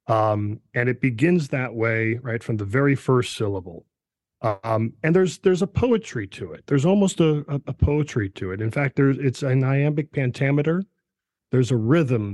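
Professor explaining, many "right"s. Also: male voice, medium pitch, darkish tone, dry recording, studio quality. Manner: peppers speech with "right" and restarts. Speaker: political science professor, guest. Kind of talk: explanatory discussion.

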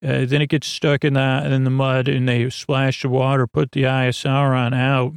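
A man hosting a sleep podcast, recapping an episode in a rambling, halting way full of fillers and restarts. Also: medium pitch, flat delivery, creaky, clear, resonant tone, no echo, clean studio sound.

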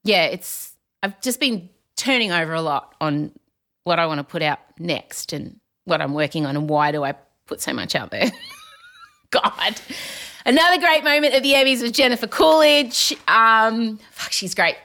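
Candid, self-deprecating woman co-host, bright voice, animated chat. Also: mid-range voice, normal speed. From Australia. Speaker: podcast host. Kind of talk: casual chat.

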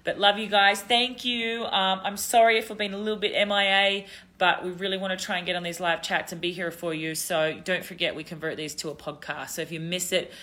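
A woman's voice: lowish voice, fairly even intonation, fairly quick, bright, forceful tone. An Australian woman hosting a live podcast Q&A, giving coaching tips in a chatty way with fillers. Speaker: podcast host. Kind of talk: casual live Q&A chat.

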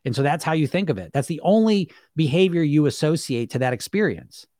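A man's voice: fairly high pitch, lively intonation, fairly quick, warm tone, no echo, studio quality. A man coaching viewers on weight loss through self-hypnosis in a blunt, emphatic monologue, swearing casually and asking rhetorical questions.

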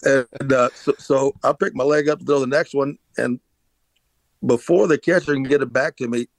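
A man's voice: medium pitch, steady tone, normal speed, gravelly, no echo, low-quality recording. Brief: middle-aged man, dry, rambling storyteller. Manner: rambling anecdotal, frequent restarts and filler "uh". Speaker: interview guest, former pitcher. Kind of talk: casual storytelling.

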